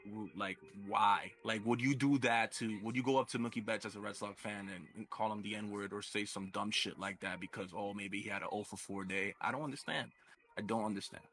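Forceful low-voiced man, rambling chat. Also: fairly even intonation, brisk. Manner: rambling, full of "like" and "you get me". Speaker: podcast co-host. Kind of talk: casual sports chat.

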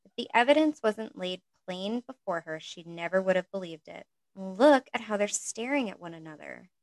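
A woman's voice: mid-range voice, expressive, normal speed, no echo, poor audio. Woman reading a story with chatty asides. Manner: reads narration with chatty asides and laughs. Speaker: reader.

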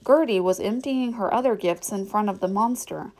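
A woman narrating a novel aloud in an audiobook reading. Her delivery is steady and storytelling. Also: medium pitch, moderate pace, few pauses, rough recording.

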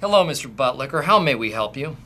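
Smug office manager, bright lively voice, talks fast. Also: male voice, mid-range voice, slight background noise. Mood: eager. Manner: smug, showy. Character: smug, eager male regional manager.

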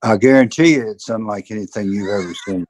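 A man's voice: fairly low pitch, fast talker, darkish tone. An older man with a Southern accent, a former football coach telling stories in an earnest, emphatic way. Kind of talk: reflective storytelling in an interview.

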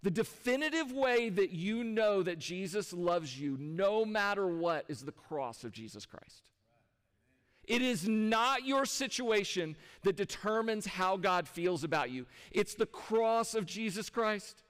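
High-voiced pastor preaching in a reverberant hall. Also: male voice, lively intonation, measured pace, fairly bright tone. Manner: conversational, with rhetorical questions to the audience. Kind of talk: sermon. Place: church sanctuary.

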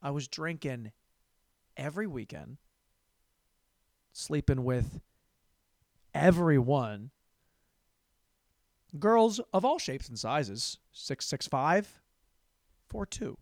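A man's voice: fairly high pitch, expressive, slow pace, long pauses, no room sound, studio quality. A young man hosting a comedy podcast, telling a crude, rambling story and repeating words for laughs.

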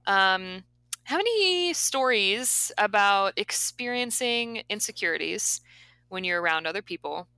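A woman's voice: mid-range voice, animated, a little slow, bright, forceful tone, smooth, no room sound, poor audio. A woman co-hosting a casual podcast conversation, talking thoughtfully and hesitantly with many fillers as she asks questions. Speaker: podcast co-host asking the questions.

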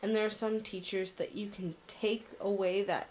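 Teenage girl, earnest, casual chat, mid pitch, faint ambience. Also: fairly even intonation, normal speed, a little mellow, slight background noise.

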